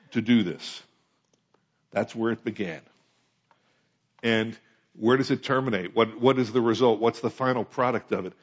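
An American man with a medium-pitched voice delivers a sermon as pastor, recorded muffled. He keeps it conversational and regularly puts questions to the congregation.

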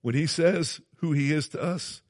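A man's voice: fairly high pitch, normal speed, no room sound, clean studio sound. A man preaching a sermon, earnest and emphatic, repeating phrases and asking his listeners questions.

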